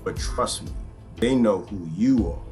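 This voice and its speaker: Man imitating a solemn mentor, deep, slow, grave, ominous. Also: lively intonation, darkish tone, faint music behind. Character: solemn male film mentor, grave and knowing.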